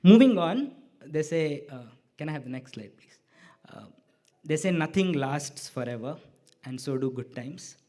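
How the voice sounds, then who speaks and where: A middle-aged man telling a personal devotional story to a hall audience, acting out his own lines and the lines of others with lively shifts of voice. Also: fairly high pitch, unhurried. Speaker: speaker sharing a devotional story.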